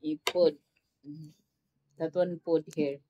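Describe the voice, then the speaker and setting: A woman's voice: low voice, steady tone, takes it slowly, muffled recording, noisy background. A woman with a Filipino accent vlogging casually in broken English, emotional and plaintive, worn down by the heat. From Philippines. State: overheated from the heat. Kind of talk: casual vlog chat. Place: simple rural home in the tropics.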